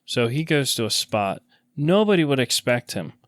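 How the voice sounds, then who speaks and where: A man co-hosts a casual podcast in a mid-pitched voice. He walks through movie scenes and car engine details and laughs easily. The sound is dry and close. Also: big pitch swings, normal speed, fairly bright tone, dry recording. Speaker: podcast co-host. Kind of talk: casual chat.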